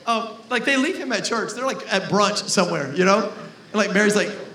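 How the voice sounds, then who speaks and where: A male pastor preaching a sermon with lots of energy. He jokes with the congregation and shouts for emphasis. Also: high voice, animated, moderate pace, vocal fry, echoey room. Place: church hall.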